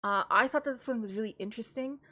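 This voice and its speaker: A woman's voice: fairly high pitch, quick pace, pushed and bright. A woman casually reviewing books on a live stream, chatty and rambling, with frequent laughs and restarts. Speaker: book streamer.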